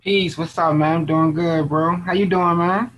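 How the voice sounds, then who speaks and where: A man co-hosting a casual podcast chat in a relaxed, easygoing way. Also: fairly high pitch, normal speed. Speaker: podcast co-host.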